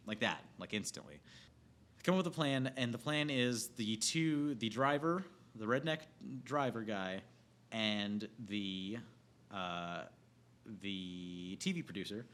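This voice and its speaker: A young man in a loose, profane movie rant, his voice sitting at an ordinary middle pitch. He rambles and restarts constantly, stuffing every sentence with filler words as he retells scenes and breaks briefly into acted quotes. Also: a bit bright. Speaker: movie reviewer.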